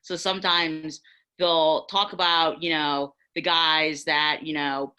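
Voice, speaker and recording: A young woman on a panel discussion, candidly telling stories with lively acted-out quotes. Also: sits low, a little slow, rough recording.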